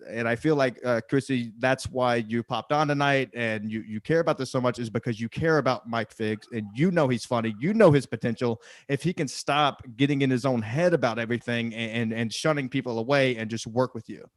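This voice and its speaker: A man's voice: mid-range voice, brisk, hardly any pauses, dry recording, studio quality. A man hosting a podcast, steering the conversation and relaying the chat in casual talk. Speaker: podcast host.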